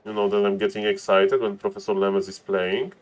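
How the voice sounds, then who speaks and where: A man casting a strategy game live on stream, excitable, laughing often and calling out to ladies and gentlemen. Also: lowish voice, a little fast, gravelly.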